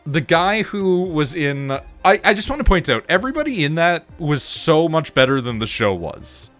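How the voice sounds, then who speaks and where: A man's voice: fairly high pitch, very animated, normal speed, fairly bright tone, soft background music. A man streaming a game, chatting casually in a rambling way, with frequent restarts, laughs and casual swearing. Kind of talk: casual chat while gaming.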